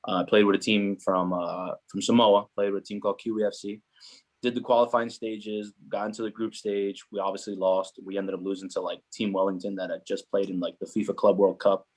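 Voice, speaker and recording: A man's voice: lowish voice, fairly quick. Chatty young man telling stories. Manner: animated, many filler "like"s, acts out quoted voices. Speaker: guest, footballer. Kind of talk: casual storytelling chat.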